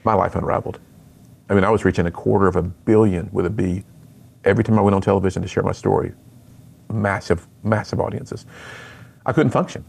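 A man's voice: deep voice, fairly even intonation, quick pace, creaky, long pauses, darkish tone, slightly rough. A middle-aged man, a youth speaker and author, telling his personal story in an interview with earnest storytelling and acted-out dialogue.

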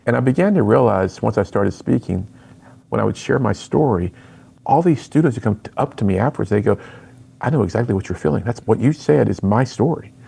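A man's voice: on the low side, expressive, a little fast, vocal fry, mellow, slightly rough. A middle-aged man, a youth speaker and author, telling his personal story in an interview with earnest storytelling and acted-out dialogue.

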